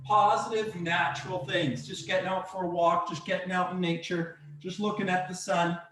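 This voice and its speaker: A man coaching a breathwork and exercise session, giving calm, encouraging step-by-step cues. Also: high voice, normal speed, slight background noise. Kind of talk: guided workout instruction. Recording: very echoey room, mic far off.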